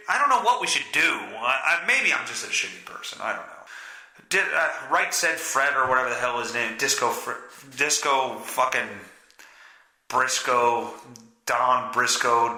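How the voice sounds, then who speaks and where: A man's voice: mid-range voice, pushed and bright, echoey room, low-quality recording. A man with a stuffy nose hosting a solo podcast, rambling, swearing and mocking himself. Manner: rambling, profane, self-mocking. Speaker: podcast host.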